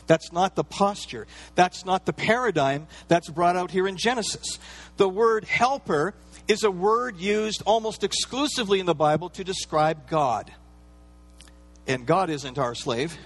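A pastor preaching a sermon in a relaxed, conversational way, with playful asides and everyday fillers. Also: male voice, a little high.

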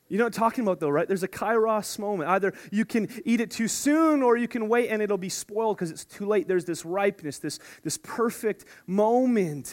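High-voiced animated male preacher. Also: normal speed, hardly any pauses. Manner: animated, playful, swings from hushed to shouting. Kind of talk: sermon.

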